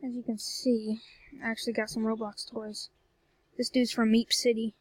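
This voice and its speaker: A woman with a fairly high voice talks loosely over her gameplay, rambling along and breaking into exclamations and grumbles. The sound is close and dry, with no room around it. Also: level tone, moderate pace, a little mellow, slightly rough, dry recording. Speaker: gameplay video creator. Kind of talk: casual gameplay commentary.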